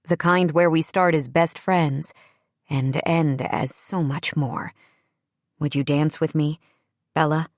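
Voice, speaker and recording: A woman voicing a sincere young man speaking softly and tenderly in a romance audiobook. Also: deep voice, steady tone, slow, dry recording, studio quality. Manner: soft, sincere, heartfelt.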